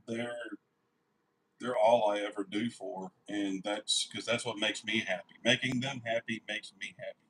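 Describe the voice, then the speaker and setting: A man's voice: lowish voice, husky, rough recording. A man hosting a live stream from his workshop, chatting casually and rambling easily with viewers. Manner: easygoing, rambling, warm toward family.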